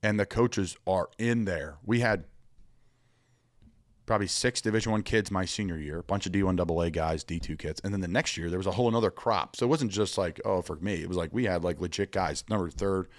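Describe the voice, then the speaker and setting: A young adult man, a pro football player, telling stories as a guest in an energetic, rambling way and acting out the voices he quotes. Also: deep voice, brisk, dry recording, clean studio sound. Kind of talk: animated storytelling conversation.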